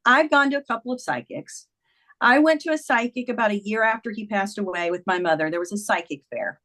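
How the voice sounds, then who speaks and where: A woman's voice: mid-range voice, fairly quick, a bit bright. A middle-aged woman, a memoir author, earnestly recounting a personal story in conversation, acting out quoted dialogue.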